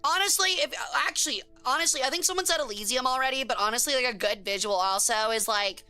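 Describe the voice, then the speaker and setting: A woman's voice: high-pitched, quick pace, pushed and bright. A woman streamer chatting casually on a live stream, slangy and joking as she reacts to chat, with faint music behind her.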